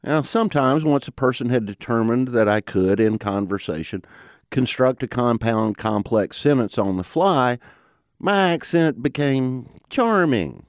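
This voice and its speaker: A man's voice: mid-range voice, animated, measured pace, no echo. A man in his fifties with a Southern mountain twang, hosting and narrating a podcast in a storytelling way. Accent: Southern American mountain twang. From American South. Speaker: podcast host. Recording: dry studio voice with music underneath.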